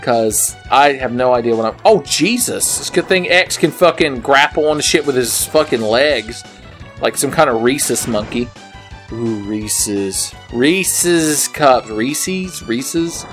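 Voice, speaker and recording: A young man slurring a little while drinking, giving rambling, profane commentary on a game as he plays it, swinging between low mutters and sudden yells. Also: expressive, measured pace, soft background music. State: slightly drunk, slurring. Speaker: gaming video maker. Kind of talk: drunken let's play commentary. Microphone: headset.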